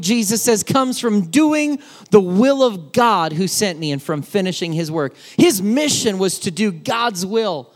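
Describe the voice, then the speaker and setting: Man, children's sermon, very high voice, animated and emphatic, speaks right to kids. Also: unhurried. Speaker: children's pastor.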